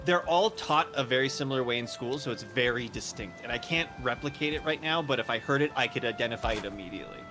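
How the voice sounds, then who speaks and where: A man's voice: medium pitch, animated, fast, few pauses. A man hosting a live gaming stream, chatting casually and rambling with frequent laughs. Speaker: streamer host. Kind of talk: casual chat while gaming. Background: music.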